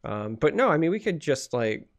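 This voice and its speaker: A man co-hosting a casual podcast chat, rambling and animated, with lots of restarts. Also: on the high side, normal speed, vocal fry. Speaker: podcast co-host.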